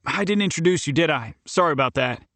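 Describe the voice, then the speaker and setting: Hockey captain, male, upbeat and teasing, played by a man reading an audiobook, pitched up, a bit louder. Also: lively intonation, quick pace, no room sound. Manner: playful, needling.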